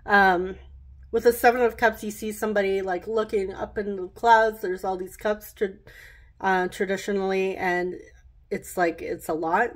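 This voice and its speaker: A woman's voice: medium pitch, fairly even intonation, moderate pace. A woman giving a casual pick-a-card tarot reading, chatty and rambling, often laughing at herself as she works through the cards.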